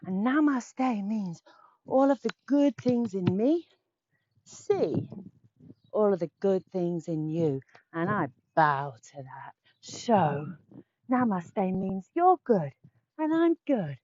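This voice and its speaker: A woman's voice: medium pitch, slow, muffled recording. Playful woman leading kids' yoga. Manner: playful, animated, sing-song for children. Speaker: kids yoga teacher. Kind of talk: children's yoga class with storytelling.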